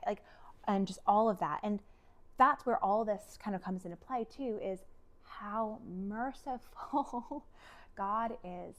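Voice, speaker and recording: A woman vlogger telling a personal story, animated and emotional, with many fillers and acted-out quotes. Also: medium pitch.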